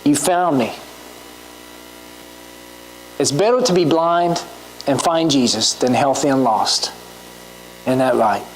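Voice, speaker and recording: A woman's voice: very deep voice, a little slow, slight background noise, rough recording. A woman preaching a sermon in a church, earnest and asking rhetorical questions.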